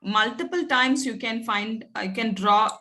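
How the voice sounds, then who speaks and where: A woman's voice: on the high side, moderate pace, bright, forceful tone. A woman teacher, patiently coaxing pupils in an online class, with many fillers and "okay"s.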